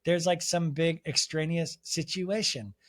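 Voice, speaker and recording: A man's voice: on the high side, steady tone, unhurried, natural voice. A man doing a blunt, skeptical woman. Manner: rambling, listing complaints with "like". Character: blunt, skeptical woman airing her grievances.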